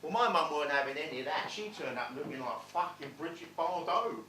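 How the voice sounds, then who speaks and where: Bloke playing a cheeky geezer spinning his life story, bit high voice, roomy theatre, mic far off. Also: brisk, bright, forceful tone, slight background noise. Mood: wry. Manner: wry, blunt, swearing storyteller. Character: streetwise London man recalling his rough childhood. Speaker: stage actor in a one-man play. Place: theatre stage.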